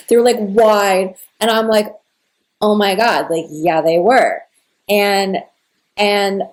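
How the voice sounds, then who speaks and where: A woman's voice: medium pitch, a little mellow. A young woman telling a personal story in a casual, rambling way, full of "like" and emotional retellings of a conversation. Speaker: spiritual content creator.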